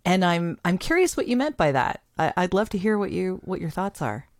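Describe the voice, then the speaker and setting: A woman's voice: fairly low pitch, sing-song, brisk, no echo, studio quality. A woman hosting a podcast, reading a listener review and asking her guest questions, laughing often. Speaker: podcast host. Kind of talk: casual interview chat.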